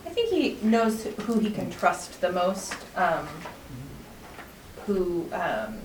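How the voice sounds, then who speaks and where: Reflective low-voiced woman, distant. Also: wildly swooping pitch, takes it slowly, background noise. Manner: reflective, repeats words for emphasis. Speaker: group member. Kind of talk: group Bible study discussion. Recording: roomy sound, away from mic.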